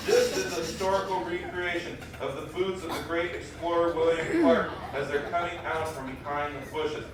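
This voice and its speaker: A man's voice: a little high, normal speed. Playful man storyteller in echoey hall. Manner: playful, jokey, acts out characters with sudden shifts. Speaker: visiting author telling a story to students. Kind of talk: animated storytelling to a school assembly. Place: school auditorium. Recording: echoey hall, distant, noisy crowd. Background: loud laughing crowd of children.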